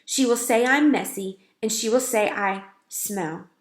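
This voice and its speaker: A woman's voice: fairly high pitch, unhurried, lightly acted. A woman voicing an eager, dignified young male mouse who pleads and coaxes. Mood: coaxing. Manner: pleading, coaxing. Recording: roomy echo.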